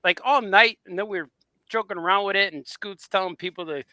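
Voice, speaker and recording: A man on a podcast telling a long story with animated energy, acting out both sides of a conversation. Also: high-pitched, brisk, no echo. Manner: animated storyteller, acts out quoted dialogue. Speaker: podcast host. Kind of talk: casual chat, storytelling.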